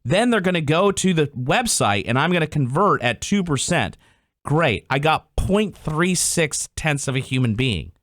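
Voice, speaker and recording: Animated man hosting a business podcast. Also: on the high side, no echo, studio quality. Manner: animated, acts out customer dialogues in quick voices. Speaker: podcast host. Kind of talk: casual business chat.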